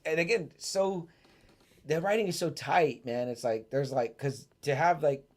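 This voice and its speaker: A man's voice: fairly high pitch, a little slow. A man co-hosting a podcast, chatting casually with many fillers and swear words, also reading out listener comments. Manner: profane, filler-heavy, lots of "like". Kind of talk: casual chat.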